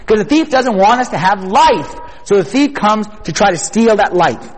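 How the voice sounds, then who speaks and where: A man giving an energetic youth sermon at a retreat, talking casually and often asking his listeners questions. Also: high voice, normal speed, in a large hall, low-quality recording. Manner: energetic, conversational, asks the audience questions.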